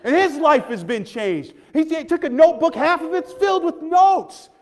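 A man preaching an emotional, heartfelt sermon, often dropping to a soft voice. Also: very high voice, lively intonation, moderate pace. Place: church sanctuary. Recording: long reverb of a large hall.

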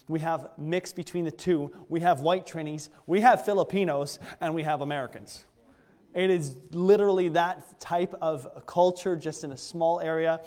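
A slightly high-voiced male missionary pastor gives his testimony from the pulpit, earnest and conversational, often stopping to restart a thought. The sound rings with the long reverb of a church hall. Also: a little mellow. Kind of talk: sermon testimony. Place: church sanctuary.

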